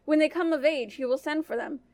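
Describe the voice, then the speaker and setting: A woman's voice: high-pitched, fairly quick, a little mellow, dry recording, close to an everyday voice. A woman voicing a greedy, cackling old witch who bargains slyly. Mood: scheming. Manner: sly, bargaining, grinning.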